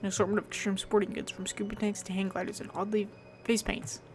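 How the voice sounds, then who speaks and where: A woman hosting a let's play, relaxed, reading the detective's lines aloud in her own plain voice as she plays. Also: medium pitch, quick pace, a little hiss or hum. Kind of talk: reading game dialogue aloud while playing.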